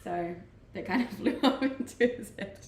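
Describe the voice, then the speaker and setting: A young woman from Denmark who speaks English with a Danish accent, chatting casually as a livestreamer and answering viewer messages in a relaxed way, laughing often. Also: mid-range voice, moderate pace. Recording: echoey room with faint ambient noise.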